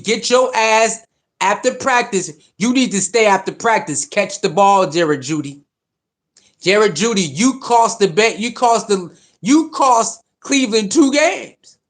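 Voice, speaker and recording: A man with a high voice gives fired-up football reaction commentary. He talks straight to his viewers in slangy speech, taunting rival fans and hammering the same points again and again. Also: fairly bright tone. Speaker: sports reaction vlogger.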